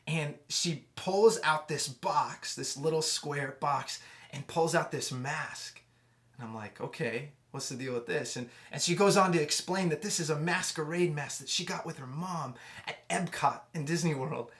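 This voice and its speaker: A young adult man giving a youth sermon, telling a personal story conversationally with many restarts and dropping quiet for emotional moments. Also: on the high side, a little slow. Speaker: youth pastor.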